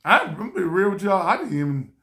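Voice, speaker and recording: Bright-voiced man telling a lively story. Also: high voice, fast. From small town in the US. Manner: animated, laughing, acts out voices in his story. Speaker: vlogger. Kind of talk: casual storytelling to camera.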